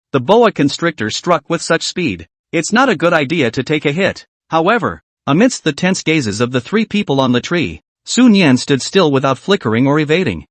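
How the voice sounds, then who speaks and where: Expressive male story-recap narrator. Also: fairly high pitch, no room sound. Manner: steady read-aloud delivery.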